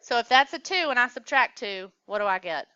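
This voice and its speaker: A woman's voice: on the high side, expressive, fairly quick, pushed and bright, clear, resonant tone, no room sound, dull audio. A woman teaching a math class, coaxing students along with questions in a classroom lecture.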